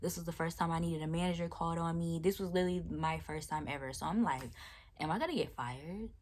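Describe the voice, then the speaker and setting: Low-voiced woman telling a heated story. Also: fast talker, slight background noise. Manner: animated, blunt and profane, retelling with heat. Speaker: vlogger. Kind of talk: storytime chat.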